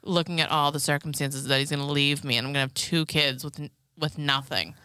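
A woman's voice: low-pitched, steady tone, brisk, bright, forceful tone, clear, resonant tone, no echo, studio quality. A woman in her thirties hosting a podcast, telling frank, profane stories about home life and acting out what people said. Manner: frank and profane, acts out quotes. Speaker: podcast host. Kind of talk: casual storytelling chat.

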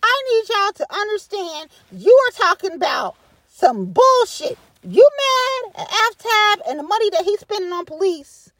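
A woman's voice: very high-pitched, big pitch swings, unhurried, a bit bright, no echo. A woman delivering a blunt, profane ranting monologue, repeating herself for emphasis.

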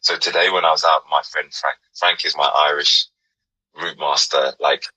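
A man's voice: rumbling low, flat delivery, normal speed, bright, forceful tone, slightly rough, lo-fi sound. A man hosting a casual chat, upbeat and encouraging, rambling through stories. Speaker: host.

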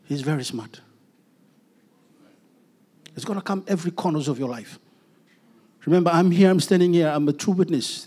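A middle-aged man giving an earnest personal testimony as a preacher, halting with restarts and letting phrases trail off softly. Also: on the high side.

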